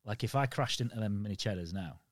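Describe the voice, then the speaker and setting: A man's voice: lowish voice, animated, fast, no room sound. A man with a Yorkshire accent, a podcast guest telling stories in casual conversation, blunt and sweary.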